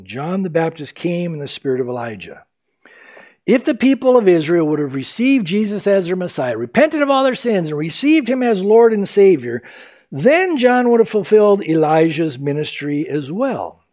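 High-voiced emphatic male preacher. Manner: emphatic, swings between loud peaks and low drawn-out endings. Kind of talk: sermon.

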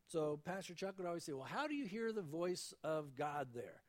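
A man with a high voice delivers a sermon in a relaxed, conversational tone. He preaches as a pastor and slips into the voices of the people he quotes. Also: moderate pace.

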